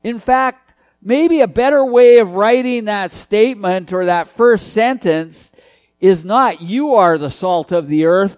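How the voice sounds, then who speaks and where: Male preacher, high voice, dry close sound, earnest and emphatic. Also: measured pace, smooth, no room sound. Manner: earnest, emphatic preaching with repeated key phrases. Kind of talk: sermon.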